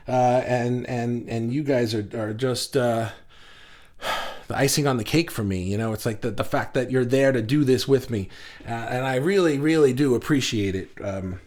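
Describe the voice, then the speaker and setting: A man hosting a casual livestream, talking excitedly to viewers and reading their comments, halting often with restarts. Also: medium pitch. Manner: says he talks fast when excited. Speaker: livestream host. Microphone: phone.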